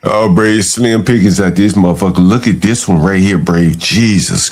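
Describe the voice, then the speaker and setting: A man co-hosting a casual podcast chat, breaking into drawn-out exclamations and laughing often. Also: deep voice, darkish tone, a little hiss or hum. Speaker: co-host.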